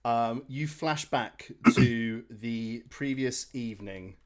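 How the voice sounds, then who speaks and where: A man's voice: medium pitch, slow pace, a little hiss or hum. A man narrating as game master in a casual way, with many fillers. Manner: casual, lots of fillers, laughs often.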